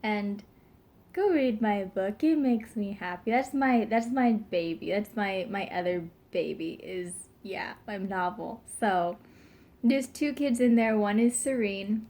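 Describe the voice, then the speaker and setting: With a slow pace and a medium, somewhat mellow voice, a pregnant vlogger in her twenties chats to camera. She rambles, fills pauses, giggles a lot and burps occasionally.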